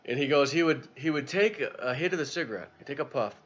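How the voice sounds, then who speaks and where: A man's voice: expressive, quick pace, fairly bright tone, highs cut off. A man casually telling a rambling story as a YouTube vlogger. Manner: rambling, low-key.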